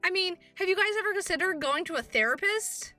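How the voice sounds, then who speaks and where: A woman streamer reading a visual novel aloud and reacting, expressive, swearing and laughing at herself. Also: very high-pitched, a little fast, distant mic, faint music behind. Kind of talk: game playthrough, reading and reacting.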